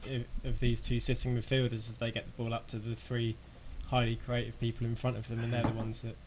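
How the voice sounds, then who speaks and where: A man on a football fan podcast panel, explaining in a measured way. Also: medium pitch, monotone, a little mellow, a little hiss or hum. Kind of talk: casual football fan chat.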